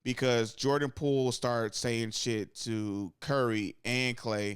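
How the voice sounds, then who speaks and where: Rambling, profane young man with a smooth voice. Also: steady tone, slow pace, dry recording, clean studio sound. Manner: rambling, profane, acts out quotes with sudden high-pitched bursts. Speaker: podcast co-host. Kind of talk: casual sports chat.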